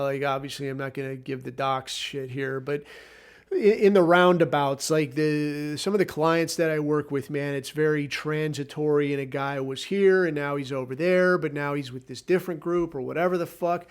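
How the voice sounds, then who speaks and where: A man's voice: on the high side, steady tone, fairly quick. A man hosting a podcast, telling a rambling story in a casual, profane, sardonic way. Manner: rambling, heavy swearing, sardonic. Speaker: podcast host.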